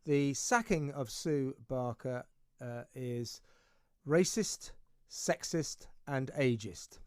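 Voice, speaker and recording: Smooth-voiced man hosting studio talk. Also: medium pitch, expressive, takes it slowly, a little mellow, dry recording. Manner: pointed, provocative questioning. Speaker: talk show host.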